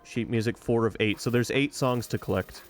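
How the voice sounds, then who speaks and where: A man's voice: mid-range voice, moderate pace. A man streaming a video game, chatting casually and thinking aloud as he plays. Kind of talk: casual let's-play commentary. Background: faint game music.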